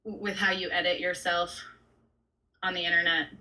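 A woman's voice: lowish voice, flat delivery, moderate pace, sharp tone. A woman artist being interviewed over a video call, rambling casually with lots of "like", laughing and swearing freely. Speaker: artist guest. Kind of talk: casual chat. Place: San Francisco area. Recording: voice distant from the mic.

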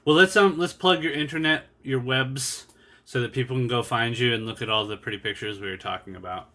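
A man hosting a podcast, chatting relaxed and casually with a guest over a video call. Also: mid-range voice, brisk. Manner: relaxed, laid-back, uses "like" and "you know" often. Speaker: podcast host. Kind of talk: casual interview chat.

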